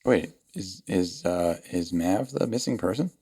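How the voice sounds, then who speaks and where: A man at a tabletop game with a low voice that swings in pitch. He fires off curious questions, sounding slightly off-mic. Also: lively intonation, measured pace, vocal fry, dark tone, husky. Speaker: player.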